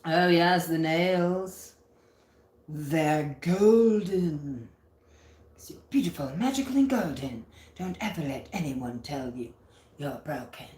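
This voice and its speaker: A woman hosts a casual livestream, reading out viewer comments and answering each one in a chatty, playful way. Her voice sits a little low. The room around her adds a noticeable echo. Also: slow, darkish tone. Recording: roomy echo.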